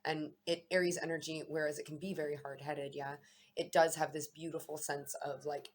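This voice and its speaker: A woman with a low voice shares her daily astrology reading in a loose, unscripted way. She muses reflectively, wanders between thoughts and restarts her sentences as she goes. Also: level tone, a little fast, slight background noise. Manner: meandering, reflective, self-correcting. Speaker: astrology vlogger. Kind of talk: casual spiritual musing to camera.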